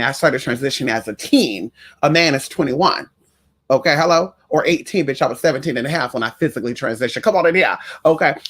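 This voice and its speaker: A woman's voice: sits low, slightly rough. A trans woman vlogger telling a story to her viewers in a sassy, chatty way, calling them y'all and honey.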